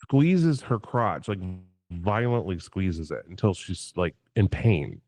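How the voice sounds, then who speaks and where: A man telling a story on a casual livestream, animated and profane, acting out the quotes in his tale. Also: sits low, slow. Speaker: guest.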